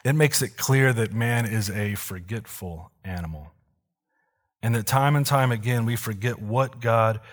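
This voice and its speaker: A man's voice: mid-range voice, a bit bright. Casual conversational male pastor preaching. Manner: conversational preaching with fillers and asides. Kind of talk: sermon.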